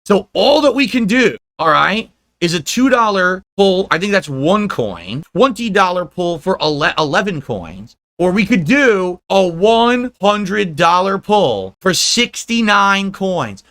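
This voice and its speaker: An excitable man streaming a video game and talking to his viewers as "you guys". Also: high voice, unhurried, no room sound. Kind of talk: live-stream chatter.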